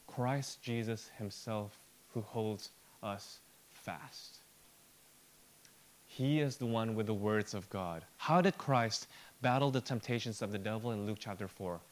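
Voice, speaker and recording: A man preaching a sermon with earnest emphasis. He drops to a soft, slow, near-whispered delivery and rises again for emphasis. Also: fairly low pitch. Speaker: pastor.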